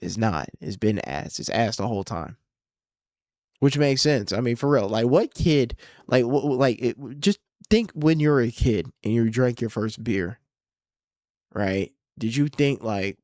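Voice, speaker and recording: A man's voice: lowish voice, animated, a little slow, darkish tone, no echo, studio quality. A young man hosting a solo podcast, rambling casually with a lot of swearing and self-mocking asides. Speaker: podcast host.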